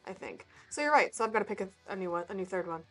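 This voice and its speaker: A woman's voice: mid-range voice, animated, racing, a bit bright, soft background music. A woman co-hosting a casual conversation, talking freely with fillers and frequent laughs. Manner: chatty, laughs often, hesitant fillers. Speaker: podcast co-host. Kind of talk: casual chat.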